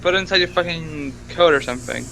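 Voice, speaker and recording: A man's voice: fairly high pitch, creaky, bright, forceful tone, slight background noise, rough recording. A man playing a tabletop game, brash and profane, speaking in character at times. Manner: brash, profane, quick to laugh. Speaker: player.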